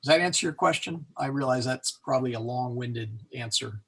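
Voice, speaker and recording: A man's voice: mid-range voice, fairly quick, a bit bright. A man teaching an online Latin pronunciation class, rambling and correcting himself as he goes, with small chuckles at his own slips.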